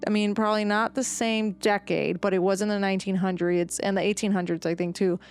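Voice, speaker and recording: A woman's voice: medium pitch, a little fast, clear, resonant tone, soft background music. A woman presenting a history story on a casual podcast, chatty, with lots of fillers. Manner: chatty, animated, many fillers, jumps into quoted voices. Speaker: podcast co-host presenting the research.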